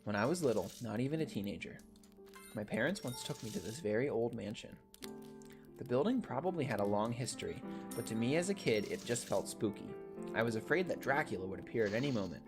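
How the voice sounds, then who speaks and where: A man's voice: medium pitch, fast, over music. Man reading a horror game aloud. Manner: steady storytelling read-aloud. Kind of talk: game dialogue read-aloud.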